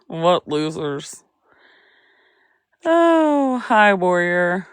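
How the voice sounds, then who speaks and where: A young woman talks casually to her livestream viewers, taking her time and drawing out her words. Her voice sits a little low, and she hums idly between remarks. The sound is dry and close. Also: slow pace, fairly bright tone, no echo. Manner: drawling, chatty, humming to herself between remarks. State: pregnant. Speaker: livestream host.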